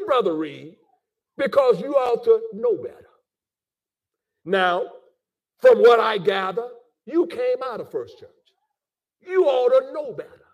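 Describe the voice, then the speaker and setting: Fervent high-voiced preacher. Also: male voice, slightly rough, far from the mic. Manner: fervent, repeats words, rising to shouts. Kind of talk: impassioned preaching address.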